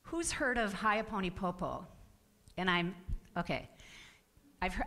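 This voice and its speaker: A woman's voice: lowish voice, fairly bright tone. Earnest woman giving a spiritual talk. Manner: earnest, personal, with restarts. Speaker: guest speaker.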